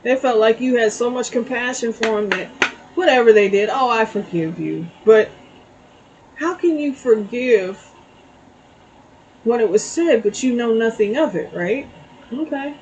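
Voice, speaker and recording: A woman's voice: fairly high pitch, unhurried, pauses often, darkish tone, lo-fi sound, a little hiss or hum. A middle-aged woman giving a casual spiritual tarot reading, telling a story and checking in with "okay?". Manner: chatty, storytelling, frequent "okay?" asides. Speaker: tarot reader.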